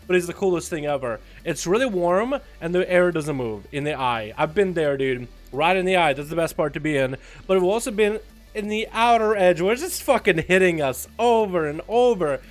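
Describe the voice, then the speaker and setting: High-voiced, profane game streamer. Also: male voice, moderate pace. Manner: loose, profane, animated storytelling. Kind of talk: casual livestream chat. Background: faint background music.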